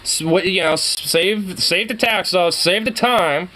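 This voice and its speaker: Young man, reaction vlog host, heated swearing rant, fairly high voice, faint background hiss. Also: unhurried, bright, forceful tone. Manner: profane, ranting, heated. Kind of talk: casual reaction commentary.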